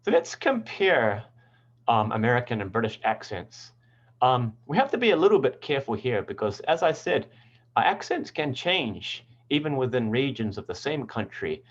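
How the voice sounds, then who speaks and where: A man's voice: mid-range voice, big pitch swings, moderate pace, highs cut off. A man teaching English pronunciation, explaining patiently step by step. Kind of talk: explanatory lesson.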